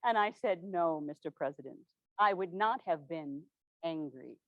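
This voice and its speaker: A woman's voice: deep voice, animated, dry recording, muffled recording. A woman portraying an earnest 1860s governor's widow. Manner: formal, measured period diction. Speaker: living historian. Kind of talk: first-person historical portrayal.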